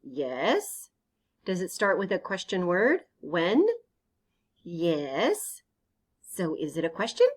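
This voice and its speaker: A woman teacher walks young children through a lesson at a slow, careful pace. Her pitch rises and falls a lot as she asks them questions and then answers them herself. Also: very animated. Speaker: elementary teacher.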